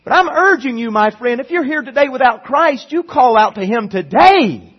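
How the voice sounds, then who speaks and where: A pastor preaching a sermon, pleading and swinging from quiet talk to impassioned urging. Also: male voice, very high-pitched, animated, moderate pace, breathy edge, dull audio.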